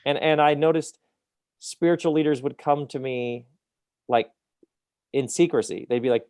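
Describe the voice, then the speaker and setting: A middle-aged man, an author being interviewed, talking in an animated, reflective way and often laughing at himself. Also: fairly high pitch, moderate pace, long pauses, clean tone, dry recording, studio quality. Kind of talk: casual interview conversation.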